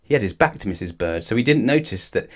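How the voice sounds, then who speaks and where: A man reading a children's storybook aloud with lively, expressive narration. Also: lowish voice, fast talker. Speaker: storybook reader.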